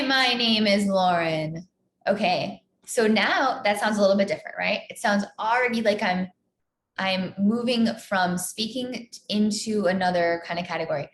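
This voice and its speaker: A woman's voice: medium pitch, reverberant, slight background noise, low-quality recording. A woman who teaches singing, running a live online Q&A lesson and talking in an encouraging, chatty way with many fillers and restarts.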